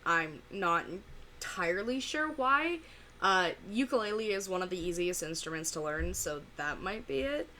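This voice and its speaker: A woman talks her way through a reaction video. She rambles, stops and restarts, and leans on fillers. Her voice sits slightly low but sounds very bright, with a faint hiss underneath. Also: animated. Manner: rambling, many fillers and pauses. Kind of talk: casual reaction commentary.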